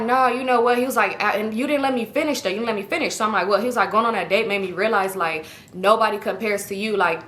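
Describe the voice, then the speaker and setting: A young adult woman telling a personal story to her viewers in a casual storytime, acting out both sides of the conversation and talking straight to the audience. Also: medium pitch. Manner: animated, acts out both sides of a dialogue, addresses viewers directly.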